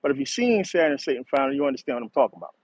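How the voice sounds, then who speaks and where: A man's voice: medium pitch, very animated, very fast, a little hiss or hum. A man hosting a casual monologue, rambling, cursing a lot and laughing often. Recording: dull, slightly lo-fi dry recording.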